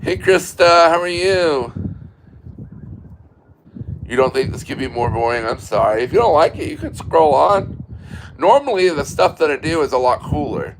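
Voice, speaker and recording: A man's voice: on the high side, animated, moderate pace, rough recording. An American man hosting a casual late-night livestream from an outdoor porch, rambling and answering viewer comments as they come in on his phone. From United States. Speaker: livestream host. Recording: loud wind noise on a phone mic.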